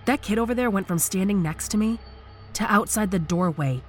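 A man voicing an excitable woman English teacher who gushes breathlessly. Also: sits high, normal speed, voice pushed up. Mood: giddy. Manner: gushing, breathless.

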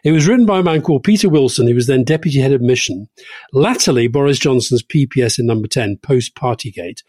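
A man's voice: medium pitch, lively intonation, fast talker, darkish tone, husky, dry recording, studio quality. A man co-hosting a political podcast, chatting in a wry way and often repeating his words. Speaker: podcast co-host. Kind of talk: casual political discussion.

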